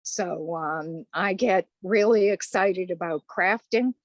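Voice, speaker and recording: A woman's voice: lowish voice, slow pace, no room sound. An older woman with a Boston accent, a course instructor chatting through interview answers. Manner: chatty, conversational.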